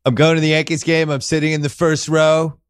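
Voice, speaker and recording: A man's voice: a little high, flat delivery, fairly quick, clean tone, no echo, studio quality, natural voice. A man putting on a bragging, self-satisfied politician as a comic impression in casual chat. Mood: boastful. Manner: exaggerated, self-satisfied boasting.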